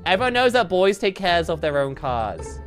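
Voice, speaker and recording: Chatty boy game host with a lively, bouncing voice, played by a woman. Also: lowish voice, normal speed, faint music behind. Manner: energetic, chatty. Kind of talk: game roleplay.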